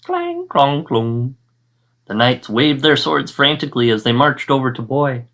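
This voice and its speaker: Here a man who teaches fourth grade reads a children's picture book out loud, acting out sound effects and narrating expressively, at medium pitch and a moderate pace.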